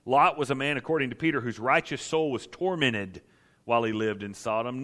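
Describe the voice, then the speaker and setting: A man's voice: mid-range voice, lively intonation, normal speed, sharp tone. A man preaching a sermon as pastor to a church gathering, earnest and building to impassioned emphasis.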